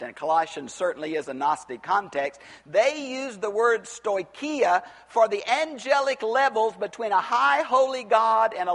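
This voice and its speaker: Preacher, male, high-pitched and impassioned, booming questions, long hall reverb. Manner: impassioned, rising to near-shouts on rhetorical questions. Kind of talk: expository Bible sermon.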